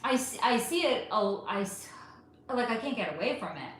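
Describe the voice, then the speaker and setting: A woman hosting a casual livestream Q&A, answering viewers' questions in an animated, emphatic way and talking straight to her audience. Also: fairly high pitch, normal speed. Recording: very echoey room.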